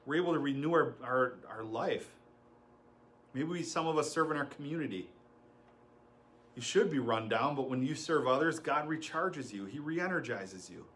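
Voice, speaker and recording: A man's voice: medium pitch, lively intonation, normal speed, fairly bright tone. A middle-aged man preaching a sermon as pastor, telling stories with laughs and acting out quotes.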